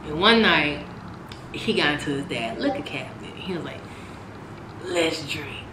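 A young woman telling a story about her past in a casual, animated way, cursing and swinging between loud outbursts and hushed asides. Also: sits low, a little slow. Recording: echoey room with noise.

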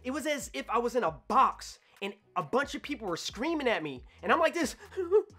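A man telling a personal story to camera in an animated way, acting out his own past thoughts. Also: very high voice, fairly quick, slightly rough. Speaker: vlogger.

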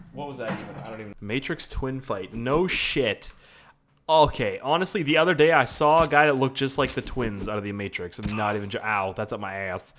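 A young man from Canada giving joking, animated let's-play commentary, swearing freely as he plays. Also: medium pitch, a little fast, slight background noise. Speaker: gaming commentator.

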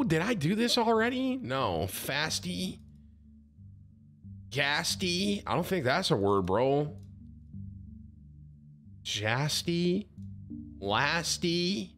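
A man's voice: on the high side, big pitch swings, very slow, long pauses, a bit bright, soft background music. A man streaming live, chatting casually and thinking aloud, tossing in "bro" and "dude" all the time. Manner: talks to himself, peppers speech with "bro" and "dude".

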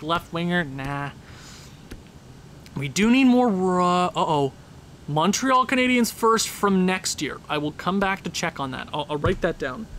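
Excitable man with a highish voice. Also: slight background noise. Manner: excitable, talks to the game, bursts into shouting laughter. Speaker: gaming channel host. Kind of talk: casual gameplay commentary.

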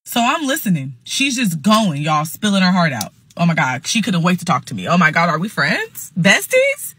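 A woman's voice: on the low side, big pitch swings, normal speed, fairly bright tone, breathy edge. A young adult woman telling a heated storytime, blunt, profane and emphatic. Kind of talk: casual storytime monologue.

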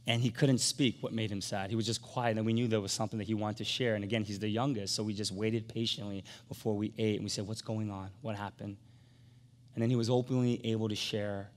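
Animated male pastor in a reverberant church. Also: medium pitch. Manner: animated, rising to emphatic peaks and dropping to soft, quiet storytelling. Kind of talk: sermon. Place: large church sanctuary. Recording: long hall reverb from a church sanctuary.

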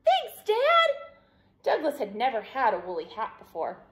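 Animated woman reading a picture book aloud. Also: medium pitch, fairly quick. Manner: animated and expressive. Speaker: school staff member. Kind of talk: children's read-aloud.

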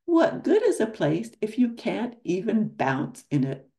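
A grandma putting on a bouncy excitable tiger. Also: female voice, mid-range voice, measured pace, gravelly, voice pushed up, heavily acted. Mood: excited.

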